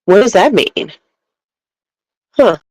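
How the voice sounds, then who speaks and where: Woman beauty streamer from Chicago, mid-pitched, loose candid chat, dry close mic. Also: animated, slow pace, a little mellow, no echo, low-quality recording. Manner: chatty, rambling, candid, greets viewers by name. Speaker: beauty livestream host. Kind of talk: casual livestream chat.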